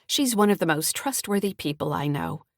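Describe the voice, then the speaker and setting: A woman's voice: deep voice, lively intonation, normal speed, no echo, clean studio sound. A woman voicing a friendly small-town escrow officer in an audiobook, chatty and earnest. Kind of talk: audiobook character reading.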